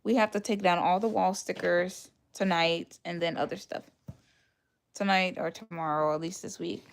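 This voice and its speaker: Chatty woman with a creaky voice. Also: lowish voice, fairly even intonation, moderate pace. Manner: chatty, laughs often, greets viewers by name; retells conversations in put-on voices. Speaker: livestream host. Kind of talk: casual livestream chat.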